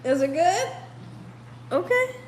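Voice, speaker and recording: A woman's voice: extremely high pitch, sing-song, slow pace, a little hiss or hum. A woman hosting a live cooking stream, chatting casually with viewers, laughing often and sounding tired. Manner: giggly, laughs often while reading comments. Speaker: cooking show host.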